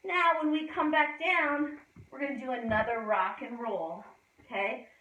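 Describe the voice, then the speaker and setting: A woman's voice: sits high, fairly even intonation, a little slow, bright, forceful tone, dull audio. A woman gymnastics instructor demonstrating moves for a children's class, giving encouraging, sing-song cues. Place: indoor gym. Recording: echoey gym from a distance.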